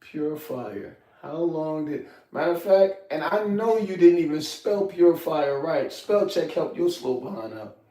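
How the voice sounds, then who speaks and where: A man's voice: fairly high pitch, expressive, measured pace, few pauses, dark tone, echoey room, distant mic. A young man hosting a casual livestream while he cooks, joking loosely and talking to his chat. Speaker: livestream host. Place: home kitchen.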